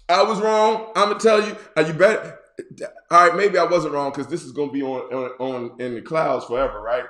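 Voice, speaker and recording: Preaching casually online, this bishop and pastor has a hoarse, higher-pitched voice and a roomy echo around him. His manner is joking and playful, marked by stretched-out repetitions and abrupt loud bursts.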